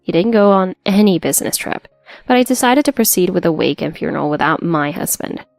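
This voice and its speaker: A woman's voice: fairly low pitch, expressive, fairly quick, vocal fry, darkish tone, no echo, faint music behind. A woman reading a first-person drama story as narrator, in an earnest, emotional storytelling manner.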